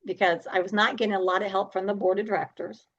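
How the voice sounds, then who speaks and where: Animated woman telling her story. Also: medium pitch, quick pace, lo-fi sound. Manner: animated, acts out dialogue, laughs often. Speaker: podcast guest. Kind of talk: storytelling interview.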